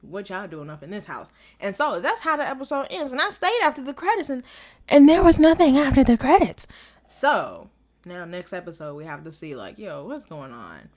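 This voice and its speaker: A young woman giving a casual, excitable recap and reaction to a TV episode, acting out lines as she retells them. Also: sits high, normal speed. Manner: excitable, animated retelling with quoted voices. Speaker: recap reviewer.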